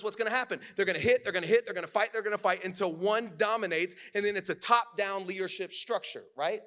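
A man preaching a sermon in a casual, conversational way, full of fillers, swinging from loud bursts to hushed lines. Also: high voice.

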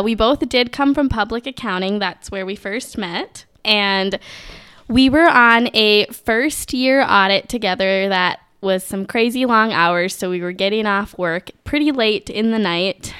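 Young Minnesotan woman, podcast guest; smooth, clear, anecdotal delivery. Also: mid-range voice, fairly bright tone. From Minnesota, USA. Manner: laughs often, storytelling. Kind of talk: casual chat.

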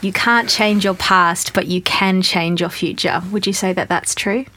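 A woman's voice: mid-range voice, measured pace, pushed and bright. A woman hosting an interview, gushing in her manner. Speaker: interview host. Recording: music playing underneath. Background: music.

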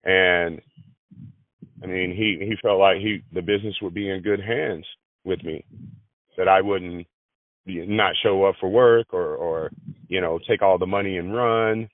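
A man's voice: low-pitched, fairly even intonation, unhurried, no room sound. A man in a conversational interview who repeats and restarts his phrases as he talks. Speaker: granite business manager. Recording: dry, tinny phone-like audio.

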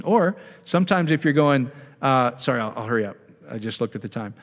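A man's voice: mid-range voice, fairly even intonation, a little fast. Man coaching a group in an echoey hall. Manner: conversational, coaching, asks the audience questions. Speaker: ministry speaker leading prayer. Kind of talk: informal teaching to a live group. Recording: long reverb of a hall.

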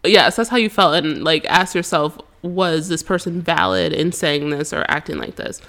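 Using headphones and a mic, a young female podcast co-host talks casually, packing her speech with fillers and frequent laughter. She has a fairly low, slightly bright voice with vocal fry and a moderate pace.

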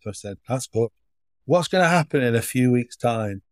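A man of middle pitch tells stories at an easy pace in a relaxed interview and slips into children's voices as he quotes them. The recording is close and dry, with no room sound at all. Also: normal speed, dry recording. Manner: anecdotal, acts out children's voices in his stories. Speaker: charity foundation chief executive, guest.

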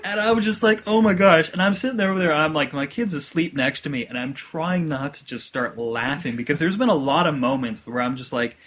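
A man chatting on a podcast with a bright, fairly high voice. He retells funny game moments in an animated way, slipping into little character voices, and fills his talk with "like" and "uh". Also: a little fast, hardly any pauses. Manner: animated storyteller, acts out game lines with laughter; many fillers like "like" and "uh". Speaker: podcast co-host. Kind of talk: casual chat.

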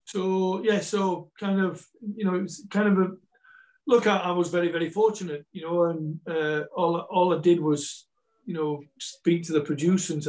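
A man's voice: high voice, level tone, moderate pace, darkish tone, low-quality recording. A man with a Yorkshire Scottish accent, a football coach chatting as a guest, rambling with many repeats and restarts. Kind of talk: casual chat, storytelling.

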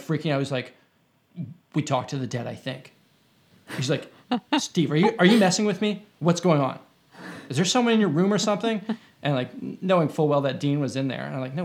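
A young man in casual conversation, telling a long anecdote with lots of fillers and restarts. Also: mid-range voice. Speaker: podcast guest.

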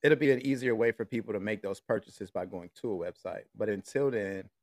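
A man's voice: lowish voice, a little fast, no echo, clean studio sound. An American man hosting a podcast remotely, talking in a laid-back, slangy way with lots of fillers. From United States. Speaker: podcast host. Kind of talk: casual podcast chat. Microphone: remote call with a mixer.

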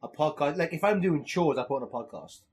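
A man's voice: on the high side, animated, quick pace, darkish tone. A young man co-hosting a podcast in casual chat, rambling with lots of fillers and swearing. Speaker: podcast co-host.

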